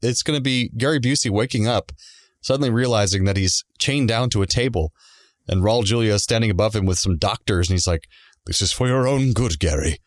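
A man's voice: lowish voice, fairly quick, dry recording, clean studio sound. A man co-hosting a podcast in loose casual chat, laughing often as he talks. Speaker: podcast co-host.

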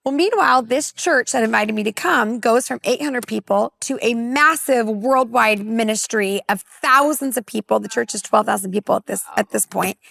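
A woman in her forties from California, a women's pastor, telling a personal testimony in an earnest, animated way during a panel conversation. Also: fairly high pitch, moderate pace, vocal fry, hardly any pauses, no room sound, clean studio sound. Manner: earnest, animated storyteller who acts out dialogue.

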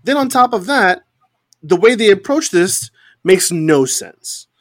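A man's voice: high-pitched, very animated, unhurried, no echo, clean studio sound. A man co-hosting a casual wrestling podcast, ranting with exasperation about how the show was written. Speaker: podcast co-host. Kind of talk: casual wrestling opinion chat.

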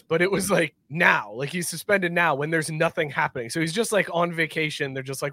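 Man, podcast host, slightly high voice, dry close mic, loose and profane sports chat. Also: brisk, few pauses, sharp tone, no room sound.

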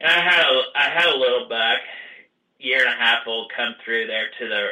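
A man tells how his hunt went in a plain, steady manner. His voice is bright. He sits back from the microphone, so the room echoes around him. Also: medium pitch, normal speed, distant mic. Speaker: guest hunter. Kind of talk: casual storytelling.

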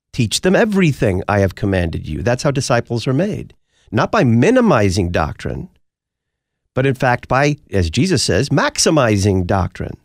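Radio host guy, really animated pitch, preachy emphatic talk, dry studio sound. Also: normal speed, no echo.

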